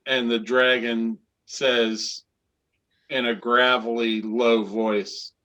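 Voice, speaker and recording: A man narrating a tabletop fantasy game as game master, in a measured storytelling manner. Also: mid-range voice, little pitch movement, bright, forceful tone.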